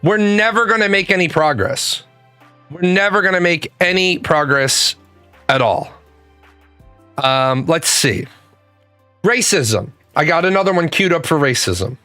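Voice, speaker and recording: A man's voice: on the high side, animated, measured pace, pauses often, pushed and bright, no echo, soft background music. Man ranting in profane commentary. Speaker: reaction commentator. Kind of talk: heated reaction commentary.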